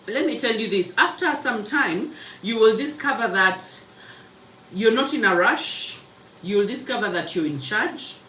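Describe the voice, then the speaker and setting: Fast-talking emphatic woman. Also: a little high, pushed and bright, roomy sound, far from the mic, a little hiss or hum, poor audio. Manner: fast, emphatic, chatty, laughs easily. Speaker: mentor and public speaking coach. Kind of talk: live mentorship session, reading comments. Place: live online session.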